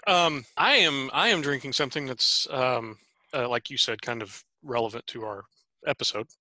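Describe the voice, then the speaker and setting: A man hosting a podcast in casual chat, giggling a lot and filling pauses with hesitant "uh"s and "um"s. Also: medium pitch, sharp tone, dry recording. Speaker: podcast host.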